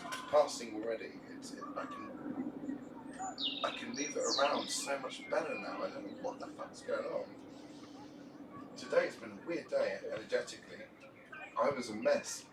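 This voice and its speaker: A man's voice: medium pitch, wildly swooping pitch, moderate pace, pauses often, echoey room, far from the mic, heavy background noise. A man hosting a live stream, rambling casually, swearing now and then and eating as he talks. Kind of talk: casual chat.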